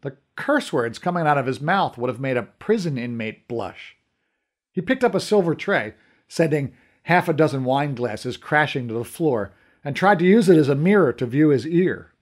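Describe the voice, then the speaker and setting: Brief: male audiobook narrator, lively pitch, slightly high voice. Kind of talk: scripted first-person narration.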